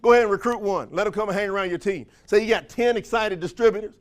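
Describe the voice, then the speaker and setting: Man, high-pitched motivational trainer working a room, folksy, quizzes the crowd constantly. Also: rapid-fire, few pauses. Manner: energetic, call-and-response questions to the crowd; folksy, slangy phrasing with frequent laughs. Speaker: motivational trainer for a sales company. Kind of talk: motivational speech to a live audience.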